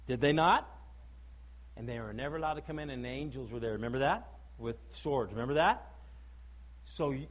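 A man delivers a sermon in a high, lifted voice. He leans hard on his points and keeps asking the listeners rhetorical questions. He shifts between loud declaiming and hushed, heavy stress. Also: poor audio. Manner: emphatic, preaching with rhetorical questions; swings from loud declaiming to low, quiet stress. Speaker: preacher.

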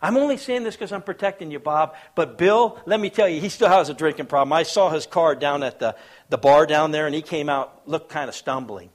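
A man preaching a sermon as pastor, telling stories, acting out quoted voices and asking the crowd if they follow. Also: a little fast. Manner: storytelling preacher, acts out quoted voices, asks the crowd questions; swings between hushed low asides and loud raised bursts.

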